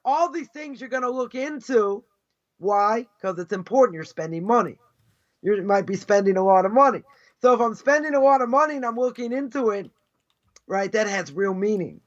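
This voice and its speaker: A man's voice: sits high, lively intonation, moderate pace, lo-fi sound. A man teaching as a rabbi in a live class, pressing his points with scornful rhetorical questions. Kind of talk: live Torah lecture.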